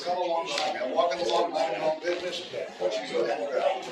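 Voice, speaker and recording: A man's voice: on the high side, a little fast. Joking man instructor in an echoey hall. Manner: joking, repeats words, talks through demonstrations. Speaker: self-defense instructor. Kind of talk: teaching a martial arts seminar. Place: large echoey training hall. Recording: echoey hall from far off with loud room noise.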